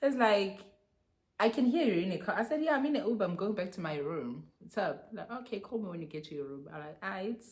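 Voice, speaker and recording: A young South African woman with a South African accent, telling a casual story in a lively, animated way and laughing often. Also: medium pitch, fairly quick. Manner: animated, mixes English and Xhosa slang, laughs often. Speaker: vlogger.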